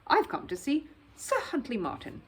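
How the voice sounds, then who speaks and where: A woman's voice: high-pitched, wildly swooping pitch, normal speed, voice pushed up. A woman voicing a small, polite bear who answers back indignantly, in a storybook reading. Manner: indignant, earnest.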